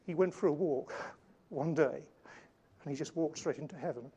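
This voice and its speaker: A man preaching a sermon in an earnest way, slowing down and changing his volume to stress key points. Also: a little high, mellow, breathy edge, lo-fi sound. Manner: earnest, varies volume for emphasis, slows on key lines.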